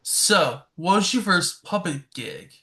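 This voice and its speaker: A man's voice: high voice, expressive, pushed and bright. A man hosting a podcast, asking short interview questions. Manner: brief, unhurried questions. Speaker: podcast host.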